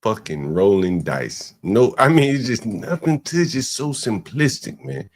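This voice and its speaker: A man's voice: on the low side, animated, unhurried. A man hosting a podcast, giving blunt, profane, exasperated commentary on video clips. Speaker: podcast host.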